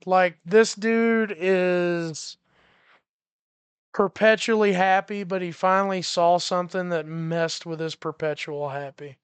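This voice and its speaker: A game master narrating a science fiction tabletop game in a relaxed way, laughing often. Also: mid-range voice, slow, smooth, no echo. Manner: relaxed, laughing, explains freely.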